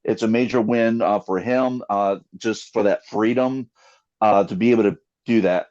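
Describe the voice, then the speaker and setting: A man co-hosting a casual podcast, animated and joking, with lots of fillers. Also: fairly low pitch, moderate pace. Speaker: podcast co-host. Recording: slightly dull lo-fi mic.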